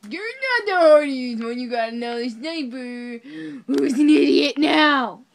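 A woman's voice: high voice, expressive, measured pace, gravelly. A woman joking crudely and playfully while gaming with a friend, chatting casually. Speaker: gamer.

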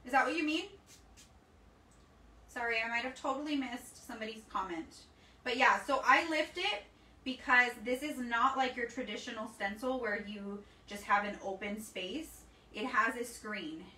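A chatty woman runs a casual craft livestream, calling her viewers "guys" and answering their comments. Her voice is bright and forceful and sits a bit above the usual pitch. She sounds a little away from the mic in a roomy space with faint noise behind. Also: moderate pace, recorded from a distance. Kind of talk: casual live craft demo, reading comments.

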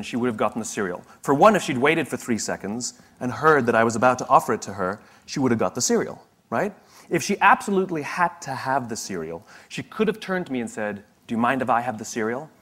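A man's voice: mid-range voice, fairly bright tone. A man giving a motivational talk, telling stories in a conversational way with humorous asides. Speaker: motivational speaker.

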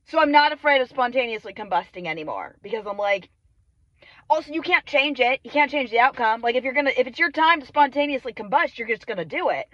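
Filming herself on a phone at arm's length in and around a car, a young woman rambles through a comedic vlog monologue full of swearing and self-mockery. Her high, slightly bright voice moves quickly with lively intonation, and the recording has no room sound and its highs cut off.

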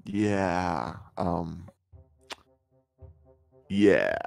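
Male player, low and gravelly, lively and wry, dry mic, faint music behind. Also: slow pace, dry recording. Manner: relaxed, rambling, wry. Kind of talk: casual tabletop play.

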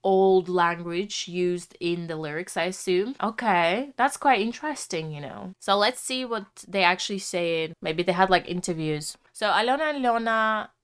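A woman's voice: mid-range voice, normal speed, hardly any pauses, fairly bright tone, clean tone. A young woman giving chatty, heartfelt commentary while reacting to a music video. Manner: chatty, heartfelt, frequent "like" fillers.

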